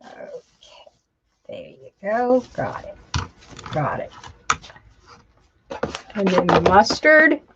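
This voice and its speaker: A woman's voice: medium pitch, sing-song, slow, pauses often, fairly bright tone, slight background noise. Chatty woman crafting, lo-fi sound. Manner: chatty, talks to herself while working, says "y'all". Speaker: craft instructor. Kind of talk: live crafting tutorial.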